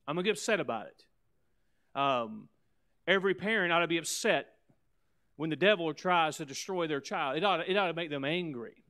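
A man preaching a sermon to his church, fervent, swelling loud on key points and dropping into quick asides. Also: on the high side, clean tone. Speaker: pastor.

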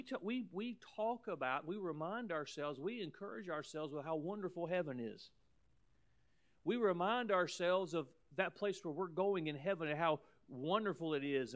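A man preaching a sermon as pastor, emphatic, repeating words and swinging between loud and soft. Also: high voice.

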